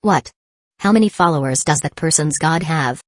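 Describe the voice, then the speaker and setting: A woman gives voice to a brash male zealot in a storybook. He snaps out blunt demands in a low register. The sound is close and dry, with no room around it. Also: lively intonation, moderate pace, dry recording. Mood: defiant. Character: brash zealot man, impatient and defiant.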